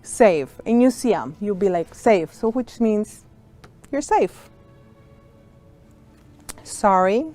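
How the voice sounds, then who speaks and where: Woman interpreter leading a kids' sign language class; average pitch, slow and patient. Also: animated, a little mellow, soft background music. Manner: patient, explains step by step to young students. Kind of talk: teaching a beginner sign language lesson.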